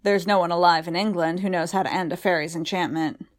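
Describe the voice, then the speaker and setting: A woman voicing a gruff, troubled man with a rough voice in an audiobook reading, speaking curtly. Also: fairly low pitch, steady tone, fast, lightly acted. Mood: grave.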